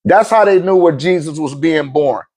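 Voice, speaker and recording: A middle-aged man who hosts a spiritual talk show tells a casual story full of slang, chuckling often and voicing the characters he quotes. His voice is a little high and a little mellow, at a moderate pace.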